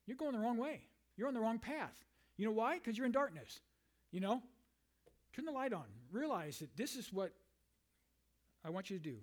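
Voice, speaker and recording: A male pastor giving a conversational sermon, with frequent "you know"s and restarts, reading scripture aloud and then paraphrasing it in lively everyday words. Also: very high voice, normal speed, long pauses.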